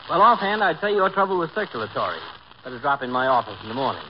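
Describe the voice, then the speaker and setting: An actor playing a sharp-tongued, huffy small-town doctor trading acid put-downs, in 1940s radio comedy acting. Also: male voice, medium pitch, fast talker, dull audio, lightly acted. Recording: hissy old radio broadcast recording.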